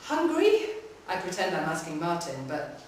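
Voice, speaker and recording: A woman giving a live, measured reading of a short story in a public library room. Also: lowish voice, a bit bright, a little hiss or hum. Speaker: reader. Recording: echoey hall from far off.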